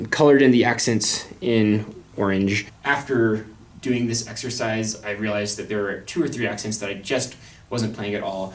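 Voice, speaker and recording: A young man teaching a violin excerpt in a thoughtful, wry manner, with fillers and restarts. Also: fairly low pitch. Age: young adult. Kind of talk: instructional talk on an orchestral excerpt. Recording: echoey room, mic at a distance.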